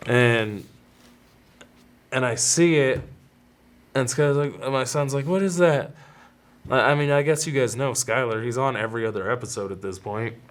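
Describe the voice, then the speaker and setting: A man's voice: mid-range voice, moderate pace, pauses often, a bit bright. A man in his thirties, hosting a podcast, who tells a personal story in a loose, rambling way, with restarts and quoted dialogue. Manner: rambling, self-interrupting, with laughs and quoted voices. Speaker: podcast host. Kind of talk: casual storytelling monologue.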